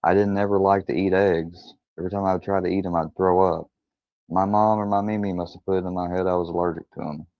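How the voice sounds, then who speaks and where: Gravelly deep-voiced man telling stories. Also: steady tone, fast talker, dry recording. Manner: rambling, profane, retells dialogue with quoted voices. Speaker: streamer. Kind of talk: casual storytelling livestream. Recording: dull lo-fi stream audio.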